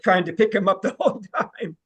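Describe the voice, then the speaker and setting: Rambling man with a higher voice. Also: expressive, fairly quick, slightly rough. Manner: laughing, rambling. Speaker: actor in a play reading. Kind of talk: casual video-call chat. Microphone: video call.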